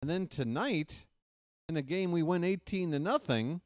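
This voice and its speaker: Guy hosting a ballgame stream, chatting with the folks after the game, smooth clear voice. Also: fairly high pitch, sing-song, a little slow, a little mellow, no room sound. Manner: chatty, talks straight to viewers as "folks". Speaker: play-by-play host. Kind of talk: casual post-game livestream chat.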